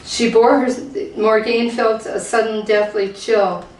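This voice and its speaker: Woman reader, steady storytelling to a room; distant mic, roomy echo. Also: on the high side, unhurried. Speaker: speaker reading aloud. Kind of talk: reading a novel excerpt aloud. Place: lecture room. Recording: roomy hall, voice from far off.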